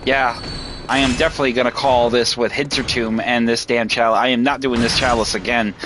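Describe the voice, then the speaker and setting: A man's voice: medium pitch, steady tone, brisk, noisy background. A man commenting on his own video game playthrough, swearing freely and talking to himself as he plays. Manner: swears a lot, shouts in frustration. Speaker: gaming video host. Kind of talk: let's play commentary.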